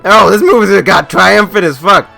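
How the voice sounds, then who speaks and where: A man reacting to an anime episode in casual commentary, excitable and swearing, swinging between loud outbursts and low mumbling. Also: moderate pace, creaky, soft background music.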